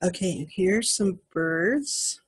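An older woman, a grandmother, reads a picture book to small children, gently and slowly pointing out the animals in the pictures. Her voice is on the low side, expressive and husky, with no room sound.

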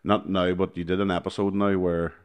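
A man, co-hosting a podcast in casual chat, teasing and asking quick questions. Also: sits low, flat delivery, clean tone. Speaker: podcast co-host.

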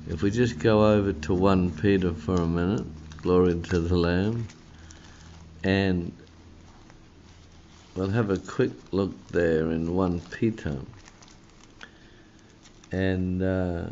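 A male pastor preaches in a very low voice. He talks slowly and with emphasis, tagging his points with a questioning "hey?". The recording sounds dull and lo-fi. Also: fairly even intonation, mellow, a little hiss or hum. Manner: slow and emphatic, often adding a questioning "hey?". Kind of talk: sermon.

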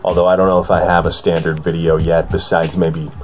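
A man's voice: low-pitched, flat delivery, fairly quick, a little mellow. A man hosting a casual vlog, chatty and self-deprecating. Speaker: vlogger.

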